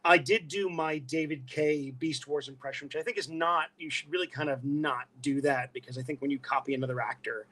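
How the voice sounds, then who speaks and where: A man with a New York accent, originally from Brooklyn, guesting on a podcast and telling animated stories that slip into voices. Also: a little high, brisk, few pauses. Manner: animated storyteller slipping into voices. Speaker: guest, illustrator and voice performer. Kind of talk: casual podcast interview.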